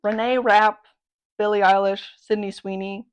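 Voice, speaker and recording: A twenty-year-old woman hosting a podcast, telling a story in a playful, self-mocking casual chat with excitable exclamations. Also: medium pitch, moderate pace, rough recording. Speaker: podcast host.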